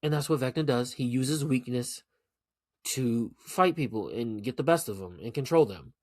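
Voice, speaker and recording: A man hosting a solo podcast, talking casually in a blunt, profane, animated rant. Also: medium pitch, normal speed, no echo, clean studio sound. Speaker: podcast host.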